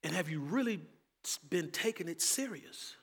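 A man preaching a sermon as pastor, earnest and emphatic, drawing out key phrases slowly. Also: high-pitched, lively intonation, creaky, a bit bright, husky, in a large hall.

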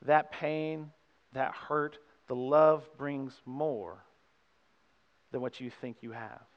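Young male pastor, chatty sermon delivery with quick asides to the room; dull, reverberant church recording. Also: mid-range voice. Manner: conversational preaching with frequent "right?" asides. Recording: dull sound with long hall reverb.

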